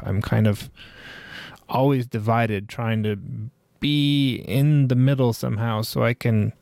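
A man's voice: medium pitch, creaky, a little mellow, dry recording. A man in his forties hosting a podcast, reflecting on his life in a rambling way with many fillers and restarts. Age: 40s. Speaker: podcast host. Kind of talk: personal reflective monologue.

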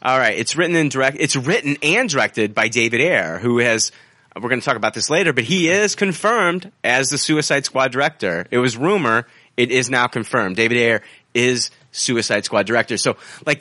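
A man hosting a casual podcast chat, talking in an animated way and swearing freely, with his pitch jumping up when he gets excited. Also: moderate pace, dry recording, clean studio sound. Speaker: podcast host.

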